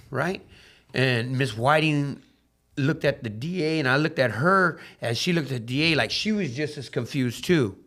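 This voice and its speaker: A man telling his life story as a podcast guest in casual, animated storytelling, swearing freely and acting out the voices of the people in his story. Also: normal speed. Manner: drops low and quiet on emotional moments.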